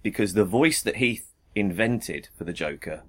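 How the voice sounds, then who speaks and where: A man, a guest on a podcast, talking about a film in a thoughtful, measured way. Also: on the low side, lively intonation, a bit bright. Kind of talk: casual film discussion.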